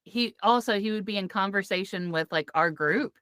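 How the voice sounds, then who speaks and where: A woman's voice: mid-range voice, normal speed, fairly bright tone, smooth, no room sound, studio quality. A woman hosting a podcast, chatting casually, telling stories and laughing often. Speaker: podcast host.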